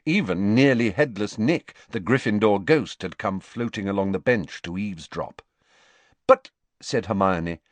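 A man reading a novel aloud as narrator, in a measured, expressive storytelling manner. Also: lowish voice, no echo. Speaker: audiobook narrator. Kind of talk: scripted narration.

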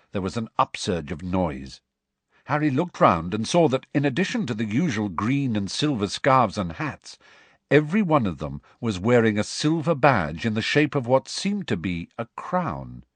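A man narrating a storybook aloud in an expressive storytelling manner. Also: lowish voice, moderate pace, breathy edge, no echo. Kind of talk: audiobook narration.

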